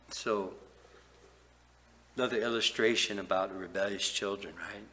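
A man's voice: on the low side, fairly even intonation, moderate pace, a bit bright. A man pastor preaching a verse-by-verse sermon, asking rhetorical questions and tagging "right?" onto his points. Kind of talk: expository sermon.

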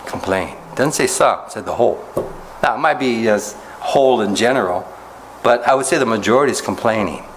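A man pastor preaching an expository sermon, talking conversationally with the congregation, often asking rhetorical questions and rising in pitch to stress a point. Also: brisk, a little hiss or hum, low-quality recording. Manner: animated rises in pitch when making a point.

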